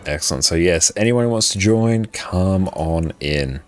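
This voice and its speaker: Low-voiced Australian man streaming a game. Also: lively intonation, measured pace, faint music behind. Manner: upbeat, thanks chat often, laughs easily. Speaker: livestream gamer. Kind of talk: casual live-stream chat.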